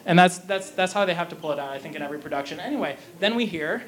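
A man's voice: a little high, lively intonation, rapid-fire, over loud music. A man retelling an opera plot in a casual, jokey way to an audience, with lots of fillers and restarts. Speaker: lecturer.

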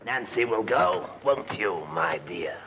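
A man's voice: fairly low pitch, sing-song, slow pace, vocal fry, exaggerated voice. An actor playing a sly old male fence who talks in a wheedling, coaxing way, heard on an old film soundtrack. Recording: dull old film soundtrack with faint hiss.

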